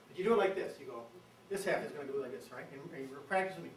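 A man's voice: fairly high pitch, lively intonation, very fast, crowd noise. A man giving a playful birding talk, leading the audience in chants like a conductor. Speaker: guest presenter at a birding society. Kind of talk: lively public talk with group chanting. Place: meeting hall before an audience. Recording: echoey hall, mic at a distance, audience audible.

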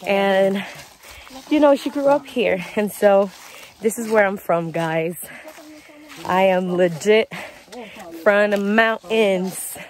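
A woman's voice: medium pitch, slow pace, long pauses, darkish tone. A young woman from the Dominican Republic, vlogging while hiking up a mountain trail, out of breath and laughing often, with her family talking nearby. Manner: breathless and giggly, with frequent laughs. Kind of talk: casual vlog chat. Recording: other voices chattering nearby outdoors.

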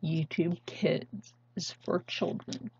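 A woman's voice: on the low side, fairly even intonation, takes it slowly, a little mellow, husky. A woman hosting her own channel, delivering an impassioned, pleading vlog rant with heavy emphasis. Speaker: channel host. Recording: dull lo-fi sound.

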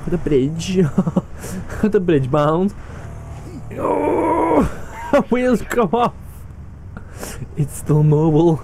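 A man's voice: sits high, very animated, very slow, vocal fry, mellow, slight background noise. A young man giving let's play commentary on a driving game, exclaiming and laughing often. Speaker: gamer.

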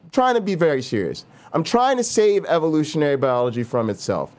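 A man who works as an evolutionary biologist, a guest on a live call-in stream, ranting in an exaggerated, sarcastic, comedic way. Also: fairly quick. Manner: animated, exaggerated and sarcastic, with big swings in pitch.

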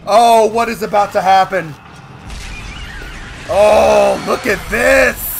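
A man giving excited gameplay commentary as a gaming channel host, with loud, animated exclamations. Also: high-pitched, slow pace, creaky, faint music behind.

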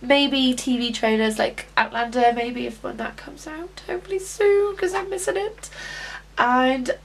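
A woman's voice: sits high, unhurried, creaky, slight background noise. A young woman vlogging her reaction to a trailer, gushing and emotional, close to tears. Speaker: YouTube vlogger.

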